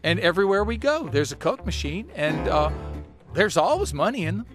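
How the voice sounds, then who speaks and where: A man's voice: high-pitched, big pitch swings, fairly quick, over music, pitched above the performer's own voice. A man doing a chirpy, proud young bride. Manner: chirpy, boastful. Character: proud cheerful young newlywed woman.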